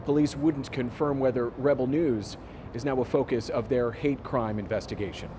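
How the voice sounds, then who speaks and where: Male reporter reading a news piece, formal and even, faint rumbly noise behind. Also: moderate pace. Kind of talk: scripted news narration.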